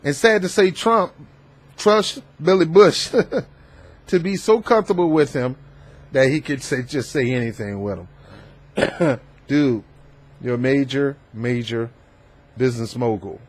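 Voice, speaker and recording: A man hosting a political commentary vlog, talking in an emphatic, animated and preachy way. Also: medium pitch, a little slow, long pauses. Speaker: host.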